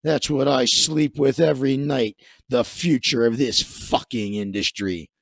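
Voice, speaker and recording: A man voicing a furious male movie star in a British accent, yelling profane threats at a film crew. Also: medium pitch, fairly even intonation, a little slow, gravelly, dry recording, pitched below the performer's own voice. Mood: furious rant.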